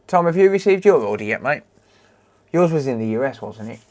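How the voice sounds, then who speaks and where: Expressive and brisk, with a slightly mellow mid-range voice, the British repair streamer works away while casually greeting viewers and thanking them by name.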